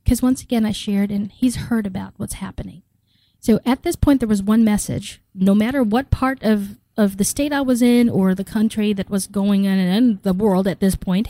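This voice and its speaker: A woman's voice: medium pitch, mellow, no echo, low-quality recording. A middle-aged woman from the Philippines telling her own story in an interview, acting out the quoted dialogue and laughing often. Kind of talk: personal storytelling.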